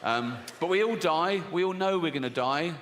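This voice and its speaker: An older man works through a stand-up set, dry and sardonic, peppering it with swearing and mocking put-on voices. His voice sits a little high for a man. It is recorded from a stage mic in a large, echoing venue with a faint hiss of background noise. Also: expressive, moderate pace, a bit bright. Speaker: stand-up comedian.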